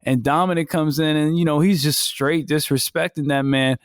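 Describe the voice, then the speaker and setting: Animated man riffing on wrestling. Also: a little high, normal speed, dry recording, clean studio sound. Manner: animated, acts out quotes with slang. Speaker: podcast co-host. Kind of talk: casual wrestling chat.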